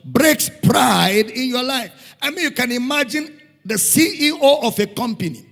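Middle-aged Nigerian pastor, high and emphatic, preaching with repetition in a reverberant church hall. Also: male voice, expressive, moderate pace, a bit bright. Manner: emphatic preaching, repeating lines for stress. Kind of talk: sermon.

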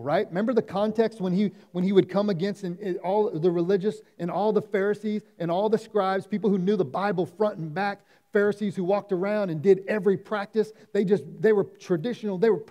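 A man's voice: high-pitched, mellow. A man with an Oklahoma accent preaching a sermon as pastor in a conversational way, often acting out the voices of people he quotes. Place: church sanctuary.

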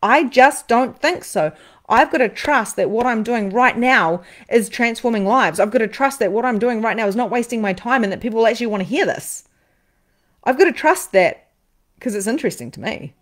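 A woman psychic medium and podcast host talking live to her viewers, animated, repeating phrases for emphasis and swearing freely. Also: a little high, normal speed. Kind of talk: live-stream talk to viewers.

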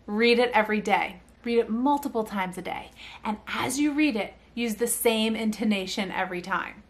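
Young female speech therapist, chatty home tutorial voice, somewhat high pitch, sing-song demos. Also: moderate pace, a bit bright. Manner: chatty, breaks into sing-song baby talk when demonstrating. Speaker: speech-language pathologist. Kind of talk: casual instructional talk to parents.

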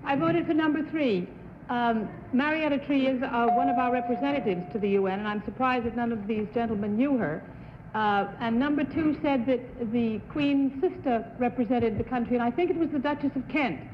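A woman's voice: on the high side, moderate pace, slight background noise. Poised female panelist, vintage broadcast. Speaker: game show panelist. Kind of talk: brisk panel reasoning. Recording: muffled 1960s broadcast audio in a large hall.

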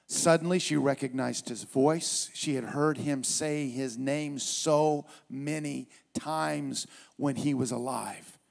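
A man's voice: medium pitch, slow, creaky. A male pastor preaching a sermon at a church service in an emphatic, repetitive way.

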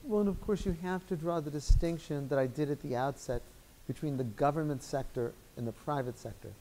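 A man with a Chicago accent, a guest lecturer giving measured, articulate legal answers in a law school lecture room. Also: fairly high pitch, mellow, a little hiss or hum. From Chicago, United States.

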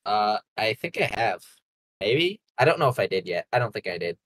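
A young man hosting a podcast, rambling and excitable in crude casual banter, laughing often. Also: on the low side, fairly quick. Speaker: podcast host.

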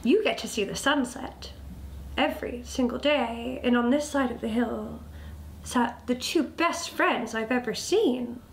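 A woman voicing a small, timid male field mouse with a squeaky, polite voice. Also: measured pace, creaky. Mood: earnest. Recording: echoey room, faint background noise.

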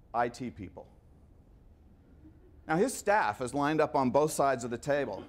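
Middle-aged man giving an anecdotal lecture. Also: fairly high pitch. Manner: conversational, anecdotal, stumbles and repeats words. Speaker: guest lecturer. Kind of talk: storytelling lecture.

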